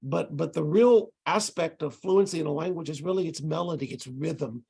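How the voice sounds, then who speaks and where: A man's voice: fairly high pitch, moderate pace, gravelly, a little mellow, husky. A man teaching language tutors in an online lecture, explaining step by step and tapping out rhythms with syllables, heard over a video call. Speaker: ESL instructor training tutors.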